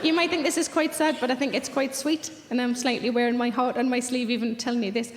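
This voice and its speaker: A woman's voice: on the high side, fairly even intonation, quick pace. Woman comic, chatty and rude, big roomy hall with crowd noise. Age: 30s. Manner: chatty, bawdy storytelling. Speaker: stand-up comedian. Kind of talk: stand-up comedy. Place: large theatre with audience. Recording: echoey theatre, audience noise.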